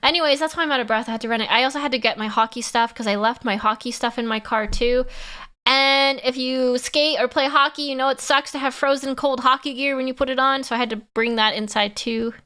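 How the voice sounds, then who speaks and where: A woman's voice: high voice, fairly even intonation, fairly quick, pushed and bright, smooth. A woman chatting casually on a livestream, laughing often and answering her chat. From Canada.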